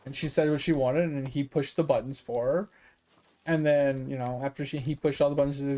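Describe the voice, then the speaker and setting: A man's voice: fairly high pitch, a little fast, mellow. A man streaming games while telling a story, chatty and full of swearing as he rants. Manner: profane, fired-up storytelling; chatty, with many fillers. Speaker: gaming streamer. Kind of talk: casual livestream rant.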